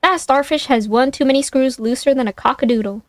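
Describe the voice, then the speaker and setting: A chipper, folksy girl squirrel scientist who prattles on brightly, as a woman puts her on while reading a storybook. Her voice sits a little high and rings dry and close. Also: a little fast, no room sound, close to an everyday voice. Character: spunky female squirrel scientist, chatty and folksy.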